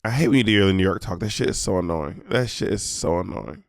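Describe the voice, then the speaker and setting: A man with an Atlanta Southern accent co-hosting a podcast, sassy and theatrical in quick banter. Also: deep voice, expressive, vocal fry, dry recording, studio quality. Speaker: podcast co-host.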